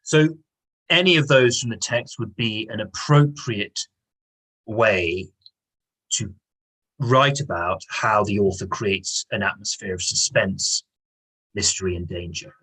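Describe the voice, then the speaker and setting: Husky-voiced male English teacher. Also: on the low side, unhurried, pauses often, bright, forceful tone, rough recording. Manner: patient, explanatory, repeats key words. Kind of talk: online lesson with reading aloud.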